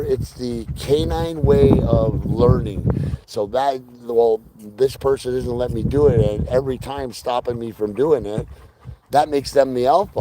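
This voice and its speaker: A man's voice: mid-range voice, noisy background. A man chatting live with his viewers about training his dog, earnest and direct, reading out their names. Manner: earnest, talks to viewers by name. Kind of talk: casual live-stream chat.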